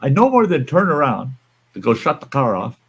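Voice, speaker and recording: A man's voice: mid-range voice, sing-song, brisk, breathy edge. An older man hosting a livestream, telling a story in a blunt, folksy, profane way. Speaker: livestream host. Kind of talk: casual storytelling.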